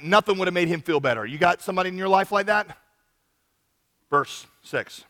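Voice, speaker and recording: High-voiced man preaching in a hall. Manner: animated, acts out quoted voices with big jumps in volume. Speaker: pastor. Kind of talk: sermon.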